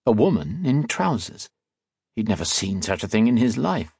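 Low husky male audiobook narrator. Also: no room sound. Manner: steady, measured storytelling.

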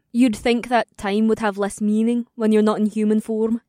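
A soft, devoted young woman, voiced by a woman in a dramatized audiobook. She murmurs slowly in a higher voice, recorded dry and close with no room sound. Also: little pitch movement, dry recording, close to an everyday voice. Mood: wistful. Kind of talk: audiobook dialogue.

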